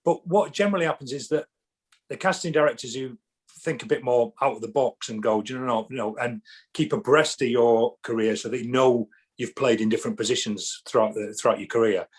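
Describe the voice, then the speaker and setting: A man guesting on a podcast in casual chat, telling animated stories and acting out what people said. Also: mid-range voice, fairly quick, husky. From England. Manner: animated storyteller, acts out quotes, many restarts.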